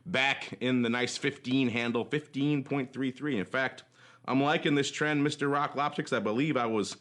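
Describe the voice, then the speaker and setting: A man's voice: mid-range voice, steady tone, moderate pace, fairly bright tone. A man hosting a casual markets podcast in an upbeat, rambling way, his voice slightly worn from days of talking. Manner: chatty, upbeat, rambling asides. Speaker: podcast host.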